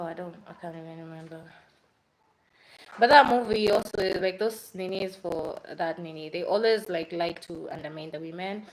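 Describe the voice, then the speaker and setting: A woman's voice: on the low side, low-quality recording. Young adult Kenyan woman, casual livestream vlogger, talkative and rambling. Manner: chatty, rambling, mixes in Swahili fillers. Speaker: vlogger reviewing movies.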